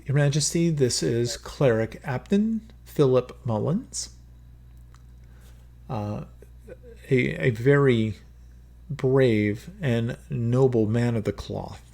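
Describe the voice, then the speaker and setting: Formal male court advisor, measured, polite; man voicing him. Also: medium pitch, lively intonation, gravelly, dark tone.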